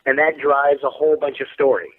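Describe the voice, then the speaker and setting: A man being interviewed as an actor, telling stories in a profane, animated way over the phone. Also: medium pitch, brisk. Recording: tinny phone line.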